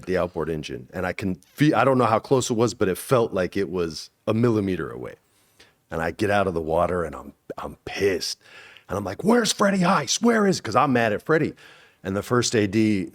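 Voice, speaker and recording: Man, interview guest, lowish voice, casual storytelling, animated, loose delivery. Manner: animated, re-enacts others with sharp rises in pitch; loose and conversational, frequent restarts and "like". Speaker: actor guest.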